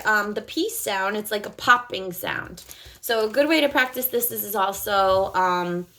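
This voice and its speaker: A woman speech-language pathologist coaching parents on home practice, modeling words slowly with exaggerated articulation and cheerful praise. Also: medium pitch, a bit bright.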